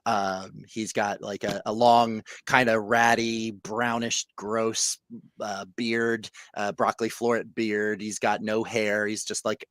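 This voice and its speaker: A man's voice: lowish voice, level tone, takes it slowly, fairly bright tone, no echo. Young guy gm narrating a goofy tabletop game, lots of ums, laughs a lot. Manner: rambling with fillers and frequent laughs. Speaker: game master.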